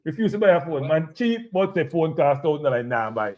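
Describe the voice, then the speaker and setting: A Jamaican man hosts a casual football breakdown, hammering his points with repetition. His voice sits a little high. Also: very animated, a little fast, highs cut off. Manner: repetitive, emphatic, addresses viewers as people. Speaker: host of a live football show. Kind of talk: casual football analysis chat.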